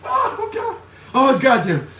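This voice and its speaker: Loud, cackling man ranting on a livestream. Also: extremely high pitch, wildly swooping pitch, slow pace, gravelly, heavy background noise. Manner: loud, crude, cackling, shouting outbursts. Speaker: livestream show host. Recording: echoey room, far from the mic.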